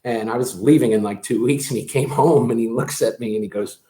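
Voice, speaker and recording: A man chatting casually as a guest, halting, with restarts and laughs at his own stories. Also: medium pitch, warm tone, echoey room. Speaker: guest, brother of the host. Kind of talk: casual chat.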